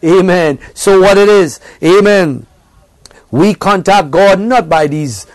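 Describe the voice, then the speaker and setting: A man's voice: sits high, takes it slowly, no room sound. A man preaching a church sermon with fervor, reading quoted passages aloud and punctuating them with frequent amens and hallelujahs. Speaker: pastor. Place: church service.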